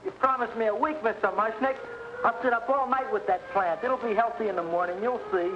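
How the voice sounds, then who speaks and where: A man's voice: high voice, brisk, natural voice. An actor playing a timid, nervous young male shop assistant in an old film, meek and pleading. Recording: dull, noisy old film soundtrack.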